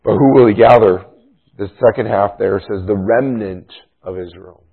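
A man's voice: on the low side, normal speed, vocal fry, breathy edge. A man preaching a sermon as pastor, explaining a passage in an emphatic, teaching manner. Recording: tinny phone-like sound.

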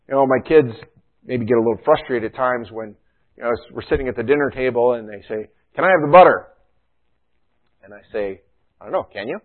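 A middle-aged man pastor preaching a sermon in a conversational way, often adding "you know" and "right?". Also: medium pitch. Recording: thin phone-like sound.

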